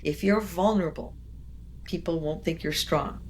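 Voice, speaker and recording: An older woman, a professor as interview guest, telling animated stories in conversation and acting out quoted voices. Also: fairly low pitch, normal speed, slight background noise. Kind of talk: storytelling in conversation.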